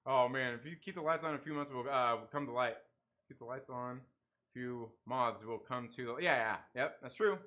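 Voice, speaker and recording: A man's voice: medium pitch, moderate pace, sharp tone. A man hosting a casual livestream who reads out chat comments, laughs often and banters with viewers. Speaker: livestream host.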